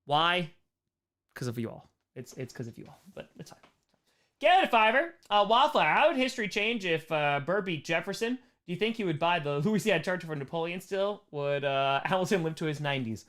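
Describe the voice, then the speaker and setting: A man hosts a casual livestream Q&A, reading chat questions aloud and poking fun at himself. His voice sounds worn and hoarse. It sits fairly high and swings up and down a lot. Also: fairly quick. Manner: animated, reads chat aloud, self-mocking jokes. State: hoarse, strained voice. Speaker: streamer answering viewer questions.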